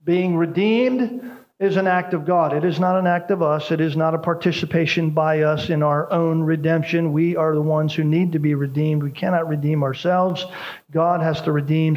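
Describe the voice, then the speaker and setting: A man's voice: a little high, steady tone, moderate pace, a little mellow, poor audio. A man preaching a sermon, explaining a word by repeating key phrases and asking "right?" to his listeners. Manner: emphatic teaching, repeats key phrases with tag questions. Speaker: pastor.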